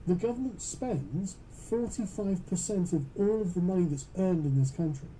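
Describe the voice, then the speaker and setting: A man's voice: high-pitched, normal speed, mellow, slight background noise, rough recording. A British man giving podcast commentary in emphatic, profane, long run-on sentences. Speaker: political commentator.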